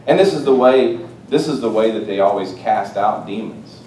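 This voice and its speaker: A man preaching a sermon, swinging between loud, excited exclamations and hushed, quiet asides. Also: normal speed. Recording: roomy, distant mic with faint rumble.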